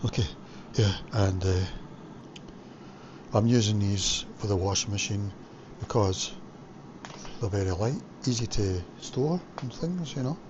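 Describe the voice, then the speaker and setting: A man's voice: on the low side, measured pace. A man from Scotland chatting casually on his vlog while cooking, rambling with lots of fillers. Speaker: vlogger. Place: home kitchen. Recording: lo-fi home recording with background noise.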